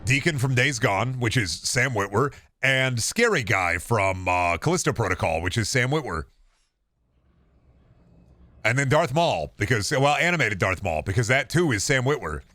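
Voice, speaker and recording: A man's voice: mid-range voice, animated, moderate pace, sharp tone, dry recording. A young man casually commenting on a game he is playing, joking, swearing freely and rambling to his chat. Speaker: streamer.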